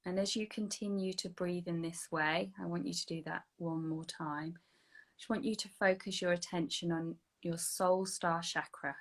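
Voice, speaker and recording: A woman guiding a slow, soothing breathing and energy healing meditation, sometimes dropping to a soft whisper. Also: on the low side. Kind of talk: guided meditation. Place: online video session.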